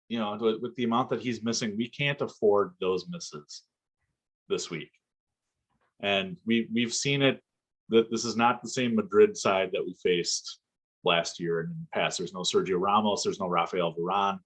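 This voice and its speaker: A fairly low, husky male voice in casual football chat. He talks with animated enthusiasm and laughs easily as he argues his point. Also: normal speed. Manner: animated, excitable, laughs often. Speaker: podcast co-host.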